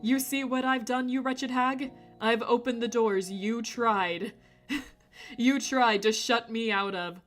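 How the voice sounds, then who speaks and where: A woman's voice: on the high side, steady tone, takes it slowly, fairly bright tone, soft background music. A woman voicing her smug male house cat, taunting in a mock-villainous way. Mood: gloating.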